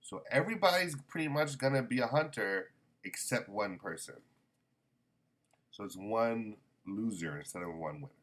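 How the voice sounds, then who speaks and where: Low-voiced man rambling about manga. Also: animated, normal speed, a bit bright. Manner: rambling, many ums and self-corrections. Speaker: manga reviewer. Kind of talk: casual review chat.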